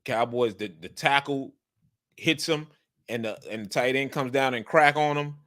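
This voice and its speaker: A man's voice: medium pitch, normal speed. A man breaking down football game film in casual commentary, repeating his points and speaking with an emphatic coaching tone. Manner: repetitive, emphatic, coaching tone, breaks into animated outbursts.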